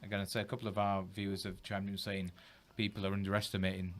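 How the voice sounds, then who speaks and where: A man's voice: fairly low pitch, monotone, fast talker. A man co-hosting a live football watchalong, trading laid-back, jokey banter.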